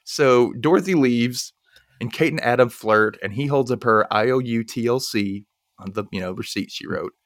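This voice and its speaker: A man's voice: mid-range voice, normal speed, no room sound, studio quality. A man casually recapping a movie plot on a podcast, laughing often and acting out the characters' lines. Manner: animated, laughs often, acts out quotes. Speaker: podcast host recapping a film. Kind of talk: casual chat.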